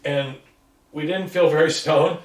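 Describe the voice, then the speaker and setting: A man's voice: a little high, fairly even intonation, unhurried. Older man telling a story in a roomy space. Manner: rambling storyteller who acts out what others said. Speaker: interviewee. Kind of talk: casual recollection. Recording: roomy sound from a distance.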